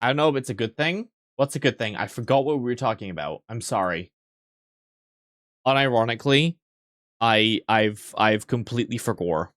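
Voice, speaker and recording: A man's voice: medium pitch, expressive, normal speed, fairly bright tone, no room sound, clean studio sound. A man streaming a video game, rambling in casual commentary, swearing freely and poking fun at himself.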